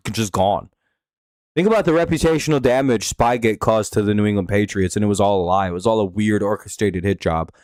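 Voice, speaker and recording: A man's voice: medium pitch, darkish tone, no room sound, studio quality. A man hosting a casual live stream, talking in a rambling, profane way with lots of fillers and restarts.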